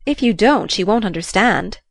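A woman voicing an eager young man, a son asking quick, earnest, bewildered questions, read in a dry, close sound for a storybook. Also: medium pitch, lively intonation, vocal fry, dry recording.

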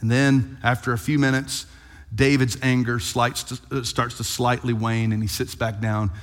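A male pastor preaching a sermon in a lively, conversational storytelling manner, addressing his congregation directly. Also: mid-range voice, moderate pace. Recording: long hall reverb.

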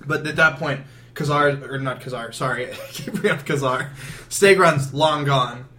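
A man's voice: mid-range voice, moderate pace, pushed and bright. A man retelling a comic story in casual chat, rambling, restarting, and laughing often. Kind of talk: casual comic-book recap.

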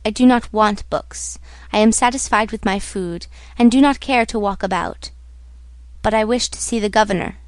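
A woman's voice: medium pitch, normal speed, dry recording, close to an everyday voice. A woman voicing a defiant, desperate young male prisoner in an audiobook reading, insistent and pleading. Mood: weary. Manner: insistent, pleading then threatening.

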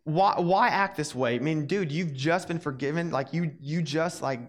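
A young adult man giving a casual, animated sermon, telling the story in a lively way and acting out its characters. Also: fairly high pitch, normal speed. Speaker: preacher.

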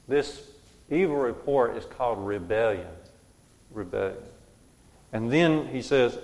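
A man's voice: medium pitch, a little slow, creaky. A man leading a group Bible study, who asks questions and repeats the answers back to the room.

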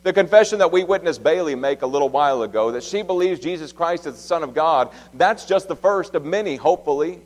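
A man in his thirties preaching a sermon in a church, swinging from loud, emphatic exhortation to soft, hushed storytelling. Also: fairly high pitch, expressive, brisk, hardly any pauses. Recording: long reverb of a large hall.

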